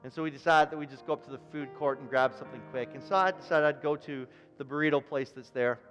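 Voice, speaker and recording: A man preaching a sermon, a pastor who tells a story and then drives home his point with emphatic repeated phrases. His voice sits a little high for a man. It rings through a reverberant sanctuary over a faint keyboard. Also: fast, dull audio. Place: church sanctuary. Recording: church hall reverb with soft keyboard music.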